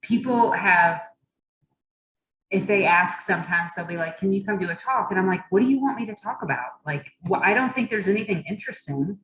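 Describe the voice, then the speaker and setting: A woman's voice: medium pitch, animated, brisk, a bit bright, reverberant, poor audio. A woman interviewing a guest in casual chat, affirming and chatty.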